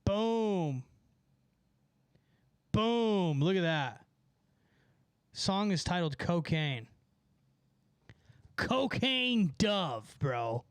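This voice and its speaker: Excitable high-voiced young guy ranting. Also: drawn-out words, long pauses, smooth, no room sound. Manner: rambling, profane, excitable, lots of filler. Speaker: musician streaming to chat. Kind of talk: casual livestream chat.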